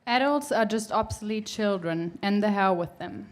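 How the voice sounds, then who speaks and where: A woman's voice: mid-range voice, measured pace, few pauses, a little mellow. A young woman reading her own short story aloud at a live event. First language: German. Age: young adult. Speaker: author and reader.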